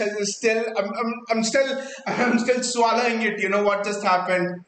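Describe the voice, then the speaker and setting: Breathless excitable football fan host. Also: male voice, sits high, moderate pace, hardly any pauses, roomy sound, low-quality recording. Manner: excitable, repeats words, stumbles in bursts. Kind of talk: excited live fan reaction.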